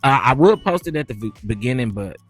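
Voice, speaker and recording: A man cooking on camera and talking casually, chatty and lively, with a steady stream of "child" and "honey.". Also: medium pitch, fast talker, slightly rough, faint music behind. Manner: animated, chatty, keeps saying child and honey. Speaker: cooking vlogger. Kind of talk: casual cooking and gossip chat.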